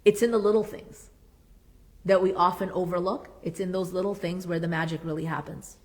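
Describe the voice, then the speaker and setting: A woman's voice: fairly low pitch, fairly even intonation, fairly quick. A woman psychotherapist leading a marriage workshop. She talks earnestly and emphatically, repeats her key points and adds playful asides. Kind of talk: workshop talk.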